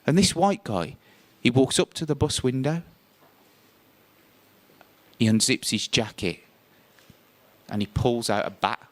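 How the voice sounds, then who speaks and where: A man telling a first-person story on stage, lively and theatrical, his voice rising sharply when he acts out tense moments. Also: mid-range voice, measured pace, long pauses, no room sound. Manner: animated, voice jumps up when acting out scenes.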